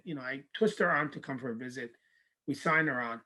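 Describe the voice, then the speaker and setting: This man speaks at medium pitch and a little fast, and the recording is rough. A Canadian who coaches university soccer, he's in a relaxed video-call interview, animatedly telling stories and voicing the people he quotes.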